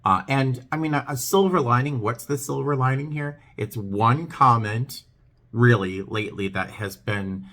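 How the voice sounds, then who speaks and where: A middle-aged man talking to his viewers in a vlog, earnest and hesitant, with many pauses and restarts. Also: medium pitch, fairly bright tone. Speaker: vlogger. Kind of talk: talking to camera, heartfelt chat.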